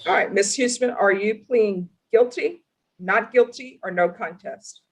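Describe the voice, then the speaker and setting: A woman judge in a courtroom, asking formal, deliberate questions in a stern manner. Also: medium pitch, slightly rough, rough recording. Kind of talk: courtroom plea hearing.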